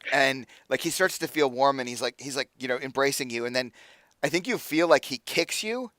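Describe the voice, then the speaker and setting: A man's voice: mid-range voice, expressive, a little fast, sharp tone. Casual young man running a tabletop game. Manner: casual, filler-heavy with constant "like". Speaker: game master.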